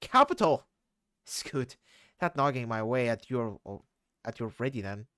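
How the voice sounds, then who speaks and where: A man's voice: mid-range voice, very animated, measured pace, pushed and bright, no room sound, clean studio sound, pitched below the performer's own voice. A man voicing an eager, old-fashioned young man who speaks in quaint British-style slang. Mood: chipper.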